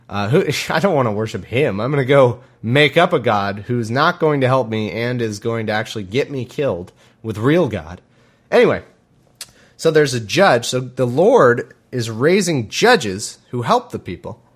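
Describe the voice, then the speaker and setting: A man giving sarcastic, irreverent commentary between readings, often halting and restarting his sentences. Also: medium pitch. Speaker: podcast host reading scripture.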